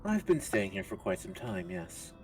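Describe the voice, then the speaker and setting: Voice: low voice, very animated, normal speed, a little mellow, voice pushed down. Game master doing Kel, a subdued awkward man. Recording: distant mic with music behind.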